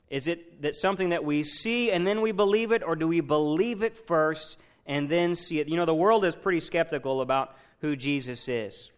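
A man preaching a sermon in a conversational way, retelling a Bible story and asking his listeners questions. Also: on the high side. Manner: conversational, asks the congregation questions.

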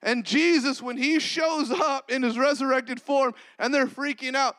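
Male pastor, sermon, smooth resonant voice, long pauses, drops to near-quiet. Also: extremely high pitch, fairly even intonation. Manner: preaching with long pauses and sudden soft drops.

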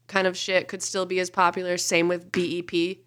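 A woman in her thirties from Montana with a bright, forward voice. She co-hosts a loose, casual conversation, talking in an animated way, swearing freely and slipping into quoted voices. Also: fairly low pitch, fairly quick. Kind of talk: casual chat.

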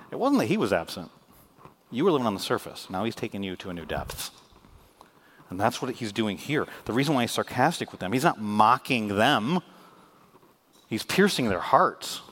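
Animated pastor preaching with wide pitch swings. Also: male voice. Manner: animated, joking, with sarcastic asides. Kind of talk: sermon. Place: church in front of a congregation.

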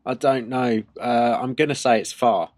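A man's voice: mid-range voice, fairly even intonation, normal speed, a little mellow, no echo. A British man co-hosting a podcast, reacting with short, dry, wry remarks. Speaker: podcast co-host. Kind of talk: casual chat.

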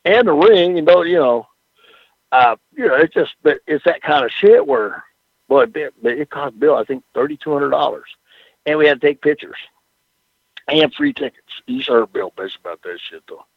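An older man with a drawl tells rambling, profane war stories, his pitch swinging up and down as he gets worked up. His voice is husky and dry, and it comes through dull, lo-fi radio audio. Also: huge pitch swings, normal speed, dry recording. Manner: profane, rambling storyteller with frequent "you know what I'm saying". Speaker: former pro wrestler, interview guest. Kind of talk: casual storytelling interview.

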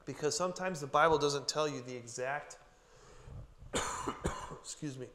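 A man's voice: fairly high pitch, normal speed, background noise. A man preaching a casual, joking sermon to a group, with chatty asides. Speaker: pastor. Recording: long hall reverb.

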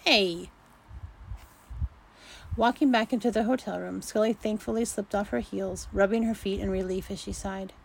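A woman's voice: medium pitch, fairly even intonation, creaky, dark tone, poor audio. Woman reading a romance story aloud. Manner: unhurried reading, restarts fumbled sentences. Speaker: narrator.

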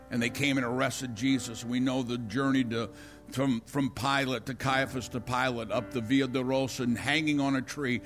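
A man's voice: mid-range voice, fairly even intonation, moderate pace, fairly bright tone, soft background music. An older man preaching an impassioned, emphatic sermon.

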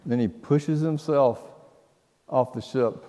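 A man preaching a sermon, telling stories slowly and dramatically, dropping to a hush and then breaking into loud outbursts. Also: mid-range voice, big-room sound. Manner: slow, dramatic storytelling with sudden loud outbursts and hushed passages. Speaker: pastor.

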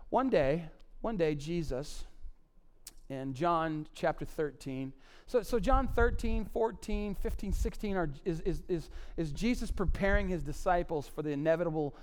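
A man in his forties preaching a sermon on marriage, swinging between loud emphatic lines and low quiet asides. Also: expressive, measured pace. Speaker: pastor.

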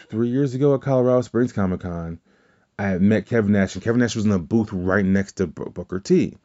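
A podcast co-host with a fairly low, warm voice tells a rambling anecdote in casual chat, often correcting himself and swearing offhandedly. The audio is dull and lo-fi.

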